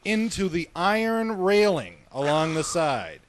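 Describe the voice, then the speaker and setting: Brief: middle-aged male radio co-host, slightly high voice, laughing, salty anecdote teller. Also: sing-song, unhurried. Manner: chatty, laughing, swears freely. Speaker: radio show co-host telling stories. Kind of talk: casual storytelling banter.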